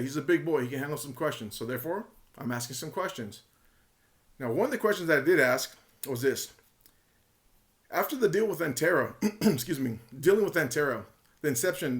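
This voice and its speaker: A man talking casually and emphatically in a monologue, sharing his opinions as a retail investor commentator, often repeating himself and speculating. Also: fairly high pitch.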